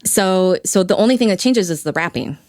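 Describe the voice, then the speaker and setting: A woman's voice: mid-range voice, expressive, brisk, darkish tone, dry recording, studio quality. A woman hosting a podcast who also coaches, speaking thoughtfully, prompting her guest and adding wry asides. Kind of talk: casual conversation.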